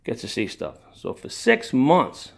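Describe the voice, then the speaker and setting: An older man with a gravelly, creaky voice tells his own family story in a casual, rambling way. He wanders off on tangents, sighs and restarts his sentences, and sounds moved. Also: medium pitch, huge pitch swings, unhurried. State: emotional.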